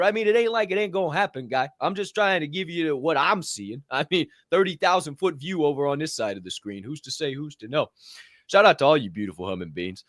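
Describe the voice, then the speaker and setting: A man co-hosting a casual motivational podcast, animated and profane, often laughing as he talks. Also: a little high, brisk, no room sound, clean studio sound. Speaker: podcast co-host.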